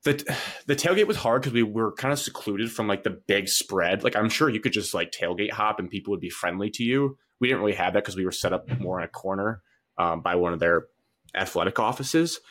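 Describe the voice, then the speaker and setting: Lively young man telling a story. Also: fairly low pitch, brisk. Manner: animated storytelling, many fillers. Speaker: podcast co-host. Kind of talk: casual chat.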